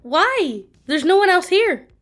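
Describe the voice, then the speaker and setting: A woman's voice: very high voice, sing-song, slow, fairly bright tone, pitched above the performer's own voice, full character voice. A synthetic woman's voice reading the lines of a curious, puzzled wizard.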